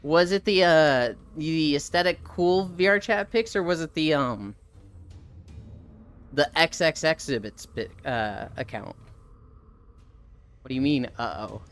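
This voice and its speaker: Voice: mid-range voice, unhurried, long pauses, soft background music. A livestreamer in casual chat with viewers, who tells stories animatedly, acts out what friends said, swears and laughs often.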